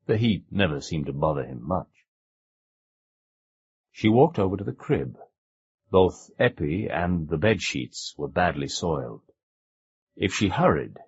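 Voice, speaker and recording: A man narrating an audiobook in a low, husky voice, with lots of movement in his pitch. His telling is measured and expressive. The cassette recording is dull and lo-fi. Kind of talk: scripted narration.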